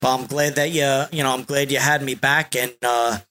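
A man's voice: mid-range voice, fairly even intonation, moderate pace, pushed and bright. A man speaking as a podcast guest in a casual, easygoing chat.

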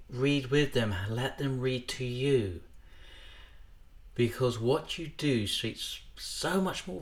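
A man hosting a podcast, calmly explaining parenting techniques in an instructional way and sometimes acting out what parents say. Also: mid-range voice. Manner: calm, explanatory, acts out parents' voices. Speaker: podcast host, NLP trainer.

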